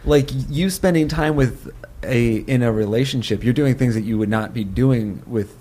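A man co-hosting a casual chat, thinking out loud, self-deprecating and swearing casually. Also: mid-range voice, normal speed.

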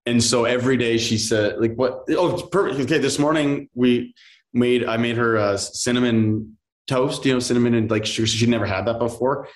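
A man in his thirties, a soap actor as an interview guest, talking in a relaxed, rambling way with many fillers and quoted asides. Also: medium pitch, moderate pace. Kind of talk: casual interview chat.

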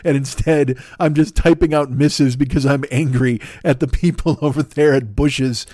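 A man's voice: medium pitch, steady tone, moderate pace, a little mellow, no room sound, clean studio sound. A man in his fifties, hosting a solo comedy podcast from his apartment in a profane, rambling, cranky rant. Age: 50s. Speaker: podcast host. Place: home apartment.

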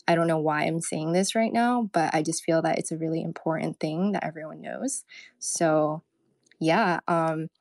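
A woman's voice: low-pitched, normal speed, darkish tone, no echo. A young woman co-hosting a casual online talk show, chatting in a rambling way with lots of fillers. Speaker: co-host. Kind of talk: casual chat.

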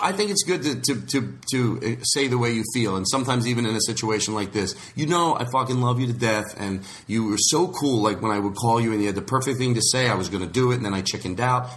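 A man's voice: mid-range voice, fast talker, fairly bright tone, a little hiss or hum. A man hosting a podcast in casual chat, rambling and restarting his sentences, slipping into voices when he quotes people. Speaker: podcast host.

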